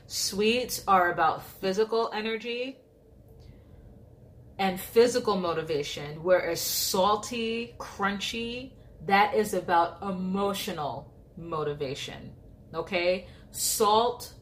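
A woman's voice: fairly low pitch, a little hiss or hum. A young adult woman coaching on nutrition in a casual, chatty way, often checking in with "okay?". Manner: chatty, informal, lots of "like" and "okay?". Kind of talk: casual educational talk to camera.

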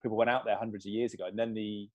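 A man's voice: lowish voice, level tone, rapid-fire, highs cut off. A man born in London, a broadcaster interviewing a guest in a chatty way, musing aloud and trailing off. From England, born in London. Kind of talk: casual interview chat.

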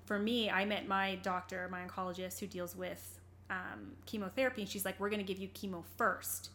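A woman's voice: medium pitch, steady tone, brisk, a bit bright, slight background noise. A young adult woman, an interview guest, telling a personal story candidly in conversation, earnest and rambling, with many fillers and restarts.

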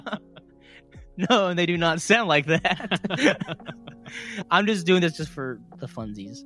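A man's voice: high-pitched, animated, takes it slowly, a bit bright, faint music behind. A young man with a West Virginian accent, co-hosting a podcast, chatting casually and laughing often as he reads from his notes. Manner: giggly, laughs often while reading. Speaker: podcast co-host presenting cryptid stories. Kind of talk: casual chat, reading notes aloud.

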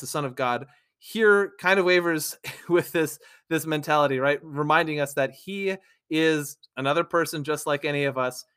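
Brief: male Bible teacher, slightly higher voice, casual explanatory delivery. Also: fairly bright tone. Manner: conversational, often asks "right?". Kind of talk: scripture reading and teaching.

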